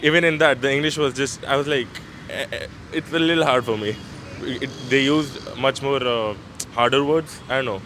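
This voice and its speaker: Halting Indian man by traffic. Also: medium pitch. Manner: halting, full of fillers. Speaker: interviewee. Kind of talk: casual street chat. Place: city street outdoors. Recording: clear street traffic noise.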